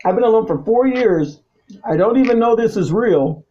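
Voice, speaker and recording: A man talking alone to the camera, swinging between low mutters and loud, angry, profane outbursts and repeating himself. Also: expressive, moderate pace, highs cut off. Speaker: vlogger. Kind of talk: rambling solo monologue to camera.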